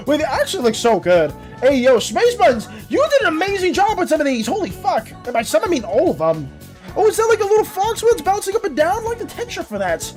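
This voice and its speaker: A woman art streamer chatting casually on a live stream, excitable, laughing often and swearing. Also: high-pitched, fast, soft background music.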